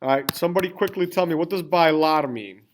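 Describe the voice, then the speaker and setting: A man's voice: fairly high pitch, a little fast, a little hiss or hum. A man teaching a class, explaining grammar step by step, spelling out endings and checking in often with the students. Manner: repeats "all right?" and checks in with students. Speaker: Spanish teacher. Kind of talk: classroom lesson with screen typing.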